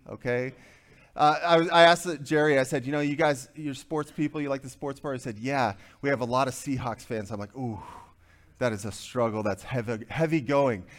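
Dynamic male preacher. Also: a little high. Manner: dynamic, swings from hushed to loud and fast; joking asides. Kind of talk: sermon.

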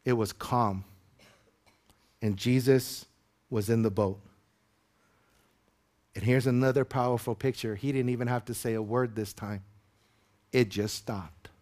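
A man preaching a sermon as a pastor, chatting loosely and then rising to high, emphatic peaks. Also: a little mellow.

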